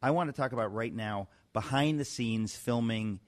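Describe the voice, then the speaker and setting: A man from New York hosting a radio talk show, telling stories in a lively, animated way with many restarts. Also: medium pitch, normal speed. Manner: animated storytelling with frequent restarts. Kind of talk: casual radio chat.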